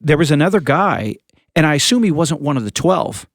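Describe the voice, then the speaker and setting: A man's voice: on the high side, brisk, gravelly, no echo, studio quality. A man co-hosting a church podcast, chatting casually about scripture and acting out quotes with jokes. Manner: lively and joking, acts out quotes. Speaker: podcast co-host, church leader.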